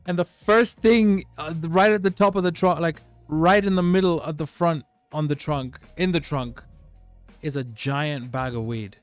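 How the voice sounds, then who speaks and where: A man hosting a livestream, telling a story in a rambling, animated way full of "like" and "dude". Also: fairly high pitch, unhurried, clean tone, no echo, soft background music. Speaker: livestream host.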